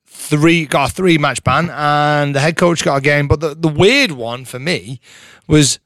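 A man's voice: on the high side, measured pace, fairly bright tone, dry recording. A man speaking as a guest on a casual sports chat, earnest and plain-spoken.

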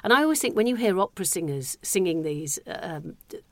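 A woman's voice: fairly low pitch, very animated, no room sound. A woman talking casually as a guest, breaking off and starting her sentences again. Her voice is recorded dry and close, with almost no room sound. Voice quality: halting, many restarts and repeated words. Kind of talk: casual chat.

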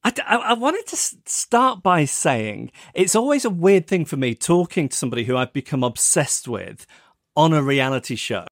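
Lively, halting man co-host. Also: on the high side, no echo, clean studio sound. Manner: earnest, halting questioner. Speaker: podcast co-host. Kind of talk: casual interview chat.

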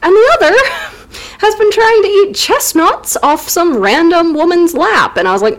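A woman's voice: very high-pitched, animated, unhurried, low-quality recording. A woman co-hosting a comedic literature recap, irreverent and playful, swearing and slipping into mock voices. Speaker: podcast co-host.

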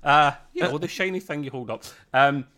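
A man co-hosting a podcast, reviewing a TV episode in lively casual chat, laughing often. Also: on the high side, moderate pace. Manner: animated, laughs often, slips into mimicry. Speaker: podcast co-host.

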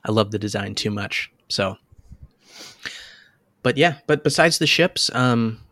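A man co-hosting a podcast, telling stories in a casual, animated way with lots of restarts and laughs. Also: lowish voice, measured pace, no room sound, clean studio sound. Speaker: podcast co-host. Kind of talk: casual chat.

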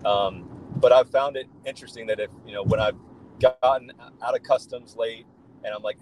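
A man's voice: medium pitch, steady tone, moderate pace, darkish tone, slight background noise, low-quality recording. A man speaking as a podcast guest, telling rambling, enthusiastic stories full of fillers and restarts. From United States. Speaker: guest, football fan. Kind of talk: casual podcast chat.

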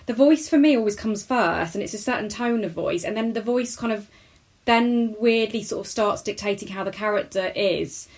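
A woman's voice: mid-range voice, normal speed. A woman, a character comedian chatting as a guest in an interview, rambling and self-deprecating. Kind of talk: casual interview chat.

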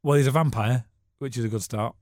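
A man, co-hosting a casual radio podcast with quick, jokey banter and frequent laughs. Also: medium pitch, a little mellow, no echo, clean studio sound. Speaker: co-host, journalist. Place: radio studio. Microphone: studio mic.

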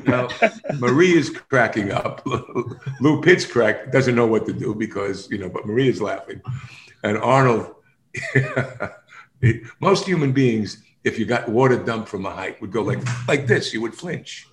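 A man, an actor, telling stories in a casual interview, animated, often laughing and acting out other people's lines. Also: mid-range voice, measured pace.

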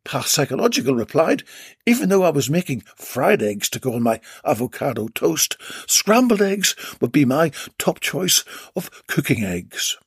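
A man hosts a comedy podcast, reading listener comments aloud with cheeky, mock-dramatic asides. His voice is quite husky and swings widely in pitch, set a little high. The recording is close and dry. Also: sing-song, moderate pace, no echo. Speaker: podcast host. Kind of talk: comic podcast monologue reading listener posts.

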